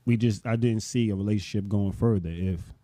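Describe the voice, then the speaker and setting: A man in his late thirties, co-hosting a podcast, telling a story in a relaxed, rambling way full of "you know". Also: on the low side, a little fast, no room sound. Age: late 30s. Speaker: podcast co-host. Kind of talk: casual storytelling chat.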